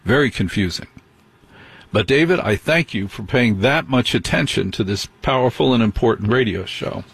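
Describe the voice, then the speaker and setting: A man's voice: mid-range voice, animated, moderate pace, gravelly, a bit bright, husky, no echo. Wry older male late-night radio host. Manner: wry, self-deprecating, rambling asides. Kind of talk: late-night radio talk with listener mail.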